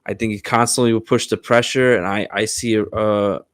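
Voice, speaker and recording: A young American man co-hosting a casual sports podcast, talking in a relaxed way with frequent restarts. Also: fairly low pitch, a little fast, no echo. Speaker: podcast co-host.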